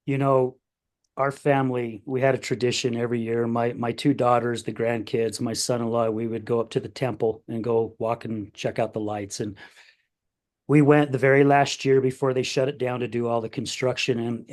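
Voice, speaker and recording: A middle-aged podcast host with a mid-range, darkish voice shares a heartfelt family story in casual chat. He grows emotional and acts out his family members' voices.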